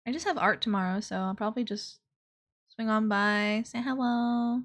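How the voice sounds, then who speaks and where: Young woman streamer, high bright voice, giggly, loud and excitable chat. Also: normal speed. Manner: laughs often, excitable and loud. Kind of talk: casual livestream chat.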